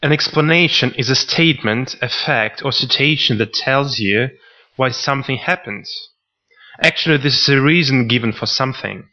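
A man co-hosting a podcast, teaching vocabulary in a scripted lesson and reading out example sentences in a measured way. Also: medium pitch. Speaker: podcast co-host. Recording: dull lo-fi recording.

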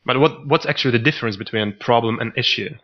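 A man co-hosting a podcast, teaching vocabulary in a scripted lesson and reading out example sentences in a measured way. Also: medium pitch. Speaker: podcast co-host. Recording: dull lo-fi recording.

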